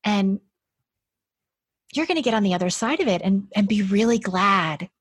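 A woman's voice: medium pitch, animated, moderate pace, breathy edge, dry recording, clean studio sound. A woman talking as a podcast guest in a casual, chatty conversation, with lots of "like" fillers and frequent laughs.

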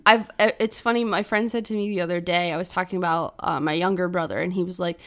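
Animated woman, stage performer guest. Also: fairly low pitch. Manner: animated, breaks into quick voice impressions. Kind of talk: casual chat.

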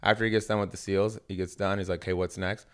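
A man co-hosting a podcast in casual chat, animated and jokey, swearing freely as he tells stories. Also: deep voice, fast talker, clean tone. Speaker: podcast co-host.

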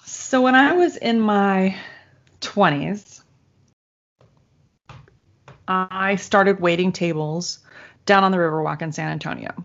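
Slow and gravelly, with a mid-range, slightly bright tone and frequent pauses, this young woman from Michigan co-hosts a podcast where she rambles through stories and curses without restraint. The audio is dull and lo-fi.

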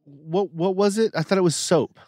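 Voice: medium pitch, steady tone, normal speed, darkish tone, no room sound. A speaker in casual chat, making dry, teasing remarks.

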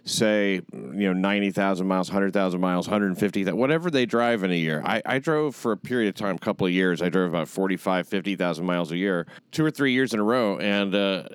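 Low, smooth-voiced man in blunt, profane chat. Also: a little fast, hardly any pauses, no room sound. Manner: blunt, profane, rambling with many fillers. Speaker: podcast host. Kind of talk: casual chat.

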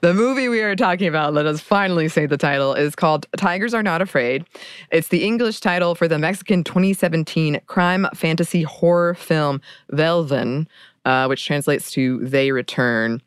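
A woman's voice: deep voice, moderate pace, clean tone, dry recording, studio quality. A woman co-hosting a podcast, chatting casually about a horror film and laughing often. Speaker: podcast co-host.

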